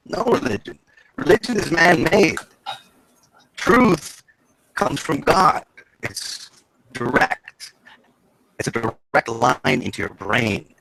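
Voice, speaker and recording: Emphatic man with a gravelly voice. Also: medium pitch, fairly bright tone, a little hiss or hum, poor audio. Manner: emphatic, repeats himself, swears. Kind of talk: heated casual live chat. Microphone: video call.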